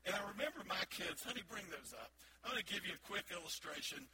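A middle-aged pastor delivers a sermon in a fairly high voice, telling stories in a playful, animated way. He preaches in a church sanctuary. A loud wash of ambient noise sits behind his voice throughout. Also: fast talker, gravelly. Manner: playful, animated storytelling with acted-out bits.

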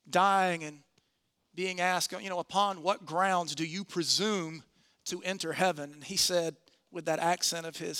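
A man preaching a sermon in church, earnest, slowing and softening on key phrases. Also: on the high side.

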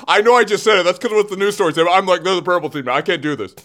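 A man's voice: sits high, lively intonation, fast talker, few pauses, a bit bright. A man hosting a comedic sports segment from a studio, theatrical and self-interrupting, often breaking into giggles. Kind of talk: comedic in-character sports rant. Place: radio studio. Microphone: studio mic.

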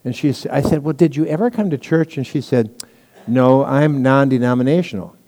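A man's voice: mid-range voice, normal speed, dark tone, in a large hall. A man preaching a sermon as pastor, teaching in a conversational way with stories and asides.

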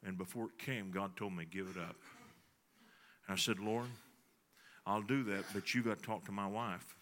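A middle-aged man preaching a sermon, telling a folksy personal story that swings between soft, confiding passages and emphatic ones. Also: fairly low pitch, steady tone, normal speed, a little hiss or hum. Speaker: pastor.

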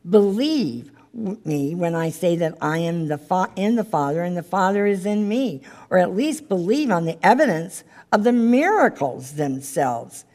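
Woman Bible study teacher, slightly low voice, earnest preaching delivery, reads scripture aloud. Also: lively intonation, measured pace, hardly any pauses, mellow. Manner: earnest, reads scripture aloud, rises in pitch when stirred. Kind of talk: sermon-style teaching. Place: meeting room, live gathering.

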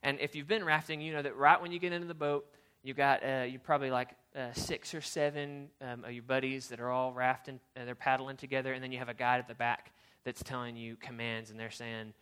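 A youth pastor giving a casual, storytelling sermon, chatty and animated, with lots of fillers and restarts. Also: male voice, mid-range voice, brisk, hardly any pauses, clear, resonant tone.

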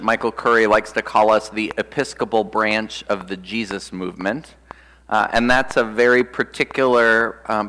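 A man, an Episcopal priest, preaching a sermon in a relaxed, thoughtful way, often pausing with "uh" and "um". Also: medium pitch. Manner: conversational and reflective, with frequent "uh" and "um". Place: church. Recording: long church reverb.

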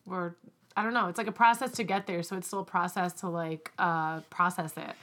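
A woman's voice: on the low side, steady tone, brisk, noisy background. A young woman chatting casually as a podcast co-host, rambling with lots of "like" and "um". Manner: rambling, heavy use of "like" and "um". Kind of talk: casual chat.

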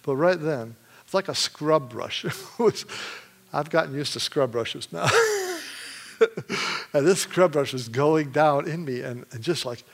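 A man from Michigan giving a testimony in a sermon, telling his story with animated energy and frequent laughs. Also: a little high, unhurried, creaky. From Michigan, USA.

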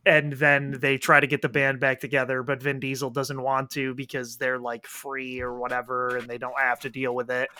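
A man chatting casually as a podcast co-host, reviewing a film in an animated, profane way and acting out his reactions. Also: medium pitch, normal speed, few pauses, no room sound. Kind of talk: casual movie review chat. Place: indoors at home, rain outside.

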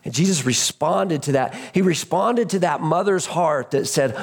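A man preaching a sermon as pastor, retelling stories animatedly and acting out voices, shouting at the peaks. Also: on the high side, normal speed, vocal fry, hardly any pauses. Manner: storytelling, acts out voices in the story.

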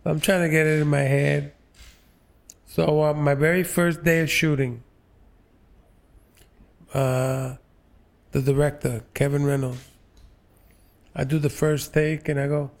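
Slow gravelly New York man in his sixties. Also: fairly high pitch, level tone. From New York, Lower East Side. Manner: slow, halting, full of fillers and restarts. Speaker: actor, guest. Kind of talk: relaxed interview storytelling.

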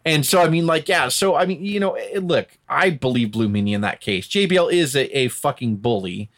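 A man rants on a podcast, cursing freely and slipping into mocking impressions. His pitch swings widely as he gets worked up. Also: lively intonation, brisk, fairly bright tone. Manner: profane, ranting, mocks others in put-on voices. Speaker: podcast co-host. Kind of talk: heated casual chat.

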